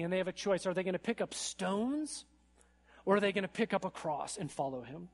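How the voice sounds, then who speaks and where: A man preaching a sermon in an animated way, building to emphatic peaks and often checking in with "right?". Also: high-pitched, fairly quick.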